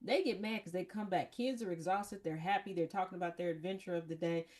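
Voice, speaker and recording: A woman's voice: lowish voice, fast talker. A woman, probably in her fifties, hosting a casual chat and telling blunt, profane family stories. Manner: profane, blunt, animated storytelling with mocking voices. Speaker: podcast host.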